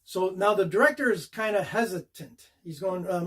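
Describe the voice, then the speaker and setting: Husky, higher-voiced older man telling stories. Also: normal speed. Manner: animated, acts out the scene beat by beat. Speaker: actor telling a career story. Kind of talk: casual storytelling to camera.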